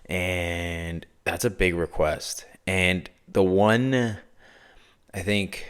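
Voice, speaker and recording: Hosting a podcast, a Torontonian man with a local accent rambles casually, wandering into tangents and using plenty of fillers. He speaks at a slow pace in a low-pitched voice with a clear, resonant tone.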